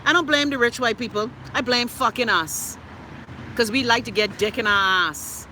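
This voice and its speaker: Profane, ranting Bahamian woman, bright voice. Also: on the high side, normal speed, slight background noise. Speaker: live-stream host reading viewer comments. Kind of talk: casual live-stream rant.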